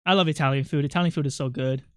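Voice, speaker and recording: A streamer chats casually during a drawing livestream in a smooth, clean, middling-pitched voice. The jokey speaker apologizes readily and keeps mocking their own artwork. The recording is close and dry, with no room sound.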